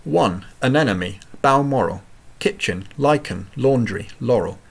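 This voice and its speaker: Slow, gravelly man reciting verse. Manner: slow, carefully enunciated, lively pitch. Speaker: poetry reader. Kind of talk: deliberate recitation of a poem.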